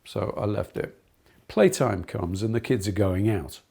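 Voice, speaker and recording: A middle-aged man delivers a lecture to trainee teachers in a gravelly, husky voice. He speaks earnestly and tells anecdotes, often circling back with fillers and restarts, in a mellow tone. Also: on the low side, measured pace.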